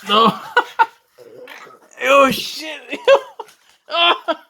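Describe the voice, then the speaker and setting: A man's voice: very high-pitched, drawn-out words, gravelly, pushed and bright. A man vlogging at home, cooing at his dog and swearing casually as he talks.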